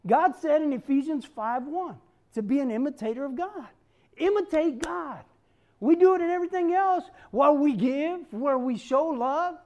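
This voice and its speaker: Preacher, woman in her 50s: high voice, lively delivery that acts out the people she quotes. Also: normal speed. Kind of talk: sermon.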